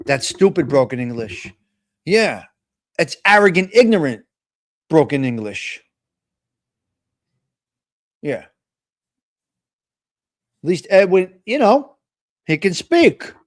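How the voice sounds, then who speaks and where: Man, high-pitched voice, rambling live-stream host, blunt and mocking, dry close sound. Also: sing-song, slow, long pauses, dry recording. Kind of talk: casual live-stream chat.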